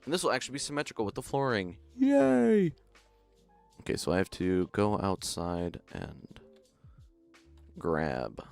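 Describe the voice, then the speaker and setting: A man's voice: deep voice, sing-song, normal speed, faint music behind. A young man around twenty, giving mumbled running commentary as he builds in a game stream. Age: young adult.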